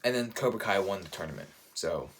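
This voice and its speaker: Excitable young-sounding man rambling casually. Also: sits low, fairly quick, background noise. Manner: enthusiastic, rambling, heavy use of "like", "dude" and "bro". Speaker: reviewer.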